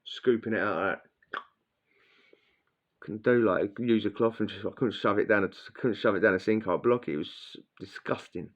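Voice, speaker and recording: A man's voice: lowish voice, normal speed. Crude blunt man. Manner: blunt, crude, slangy, acts out quotes. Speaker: ex-prisoner storyteller. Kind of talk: casual storytelling. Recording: dull lo-fi sound.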